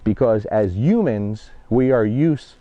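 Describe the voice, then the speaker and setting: This New Jersey dog trainer speaks in a fairly low, animated voice, taking it slowly as he films an instructional vlog while working with a dog. Blunt and direct yet conversational, he keeps asking "okay?" and addressing "guys." The dry recording sounds dull and muffled, like a lo-fi mic.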